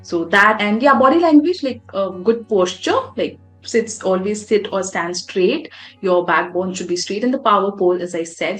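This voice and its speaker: Woman, speaking coach, emphatic and animated delivery, faint music behind. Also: mid-range voice. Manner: animated, emphatic, demonstrates voice modulation. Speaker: public speaking coach, guest. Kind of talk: podcast interview, advice.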